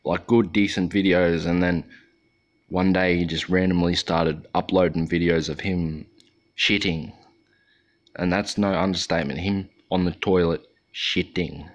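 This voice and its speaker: Australian man, very low voice, rambling livestream chat, swears a lot, dull lo-fi sound. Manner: rambling, profane, joking. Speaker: livestream host.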